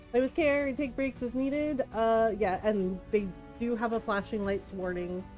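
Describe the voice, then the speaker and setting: A woman's voice: medium pitch, darkish tone, low-quality recording. A woman streamer chatting casually with her viewers as she plays, rambling and laughing often. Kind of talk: casual chat while streaming a game.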